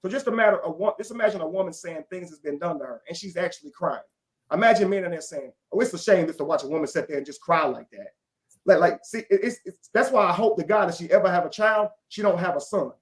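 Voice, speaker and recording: A man with a high voice speaks as a guest on a live stream. He sounds indignant and defensive, and he swears freely as he pushes his points. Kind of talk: heated live stream talk.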